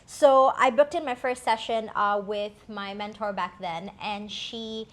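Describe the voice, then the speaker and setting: A woman's voice: medium pitch, steady tone, a little slow. A woman co-hosting a talk show, telling a personal story in a candid, reflective way with many fillers. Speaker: co-host.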